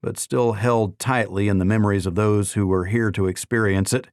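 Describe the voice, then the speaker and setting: A polished secretary of state, as a male narrator voices him, speaking smoothly and diplomatically. Under the courtesy there is a cool edge, and the reading sounds close and dry in this audiobook. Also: lowish voice, steady tone, normal speed, a little mellow, no echo, close to an everyday voice.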